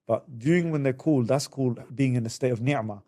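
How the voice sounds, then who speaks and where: Male counsellor, conversational podcast delivery, mimics others in raised voices. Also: brisk. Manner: animated, acts out quotes with high voices. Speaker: Islamic family counsellor.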